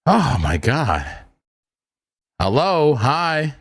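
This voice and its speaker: A man's voice: on the high side, wildly swooping pitch, drawn-out words. A man hosting a casual crypto trading livestream, joking and repeating himself as he talks.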